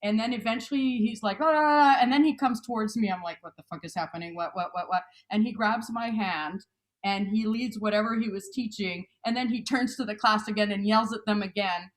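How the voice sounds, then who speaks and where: A woman in a casual video call chat, telling a story in an animated way and acting out what people said. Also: on the high side, normal speed. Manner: animated storyteller, acts out quotes.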